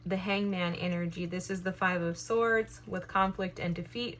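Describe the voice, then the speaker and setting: A woman's voice: lowish voice, fairly even intonation, moderate pace, few pauses, fairly bright tone, a little hiss or hum. A woman giving a collective tarot reading to her viewers, enthusiastic and encouraging, speaking straight to them. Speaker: tarot reader.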